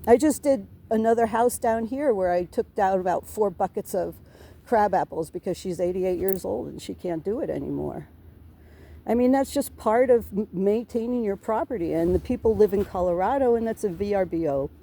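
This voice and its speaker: Aggrieved middle-aged woman, rambling and mellow. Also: mid-range voice, moderate pace. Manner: rambling and aggrieved, swears, restarts often. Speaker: tenant reporting harassment to police. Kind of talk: emotional complaint to an officer.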